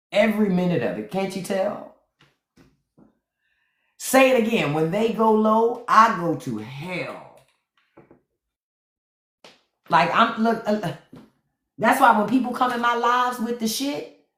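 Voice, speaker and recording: A woman with a mid-range, somewhat bright voice runs an indoor phone livestream full of sassy, playful jokes, repeating lines to land them. The sound carries a roomy echo.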